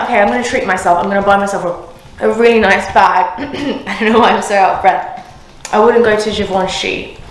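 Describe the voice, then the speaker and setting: A young woman chatting casually to camera as an unboxing vlogger, excitable and frank with her opinions. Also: fairly high pitch, slight background noise. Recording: roomy echoey room.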